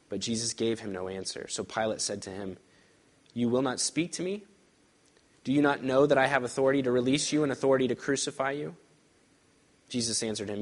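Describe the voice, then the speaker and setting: A male pastor preaching a sermon and reading scripture aloud, pressing hard on key words and then dropping to hushed, quiet lines. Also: lowish voice. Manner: emphatic, swings from loud stresses to hushed lines.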